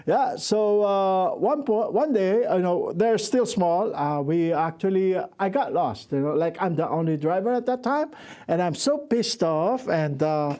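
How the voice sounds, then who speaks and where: With a high-pitched, warm voice, a middle-aged man leads a conference workshop, joking self-deprecatingly like a storyteller and restarting sentences many times.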